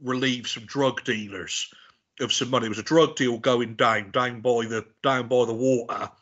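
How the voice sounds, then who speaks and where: A man's voice: medium pitch, fairly even intonation, moderate pace, a bit bright, lo-fi sound. A man in his forties telling rambling, sweary stories in a casual podcast chat. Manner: rambling, sweary storytelling with restarts. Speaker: podcast guest.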